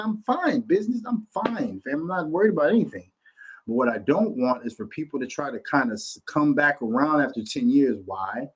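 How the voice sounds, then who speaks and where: A man hosting a podcast from his home office, ranting bluntly and profanely in a casual, animated way. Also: a little high, breathy edge, rough recording. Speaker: podcast host. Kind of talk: casual rant to camera.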